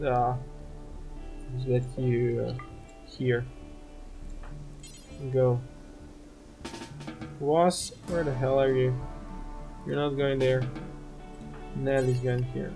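A man's voice: medium pitch, gravelly. A man giving gameplay commentary as a let's play host, muttering to himself, exasperated and swearing at his desk microphone.

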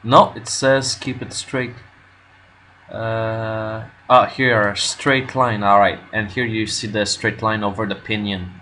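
A man working through a language lesson on his own, nervous and unsure of himself, pausing often with fillers. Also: on the low side, steady tone, pushed and bright, a little hiss or hum. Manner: nervous, self-doubting, halting with fillers. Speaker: language learner vlogger. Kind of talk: casual self-recorded lesson commentary.

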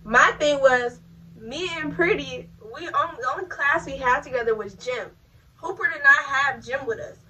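A young adult woman telling a story casually to her viewers while she does her hair, animated and profane. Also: sits high, moderate pace, far from the mic, poor audio. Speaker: vlogger.

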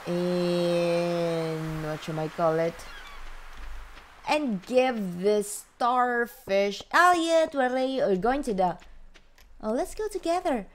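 A woman's voice: medium pitch, slow pace. A woman hosting a let's play, chatting to her viewers in a chatty, exclaiming way with frequent gasps. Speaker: gaming channel host.

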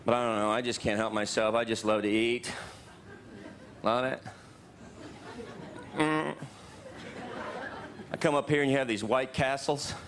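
Middle-aged male comedian, lively stand-up delivery, recorded live with a noisy laughing crowd. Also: unhurried, long pauses. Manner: animated, jumps into high silly voices for bits. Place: comedy club stage. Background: audience laughter.

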